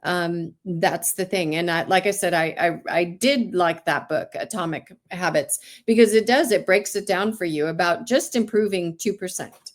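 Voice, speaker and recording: Animated woman telling stories. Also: fairly low pitch, moderate pace, hardly any pauses. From California, Greek heritage. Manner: animated storyteller, acts out quoted voices. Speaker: guest, farmer. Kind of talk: casual interview storytelling.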